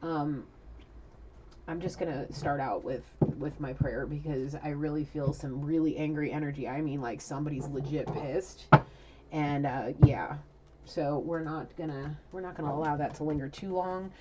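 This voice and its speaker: A woman giving a casual spiritual reading, telling what she sees in a chatty, animated way full of fillers. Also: deep voice, moderate pace, highs cut off, heavy background noise. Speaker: tarot reader.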